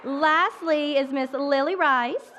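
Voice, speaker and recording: A woman's voice: sits high, slow, background noise. A woman teacher speaking affectionately to her students while giving out class awards at a church service. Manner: warm, affectionate. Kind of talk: award ceremony speech. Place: church sanctuary.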